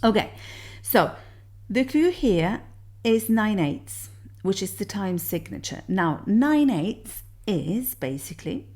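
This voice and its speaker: A woman's voice: medium pitch, sing-song, slow, a little mellow. A woman teaching music theory, patiently explaining exam answers step by step and counting beats aloud.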